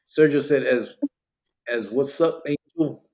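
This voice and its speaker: A man's voice: medium pitch, slow pace, a little mellow. Laid-back man reading comments. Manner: laid-back, laughs often, drops Spanish and barrio slang. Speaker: podcast host. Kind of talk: casual chat reading live comments.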